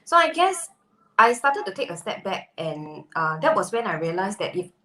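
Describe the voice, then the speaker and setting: A woman panel guest, once a teacher, answering reflectively with many pauses and fillers. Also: mid-range voice, sing-song, bright, forceful tone, echoey room, poor audio.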